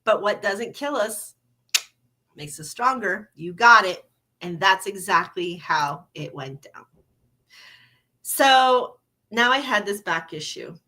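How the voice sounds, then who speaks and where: A woman's voice: medium pitch, expressive, slow, pauses often, sharp tone. An older woman hosting her podcast in a candid, casual monologue, laughing now and then and swearing a little. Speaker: podcast host.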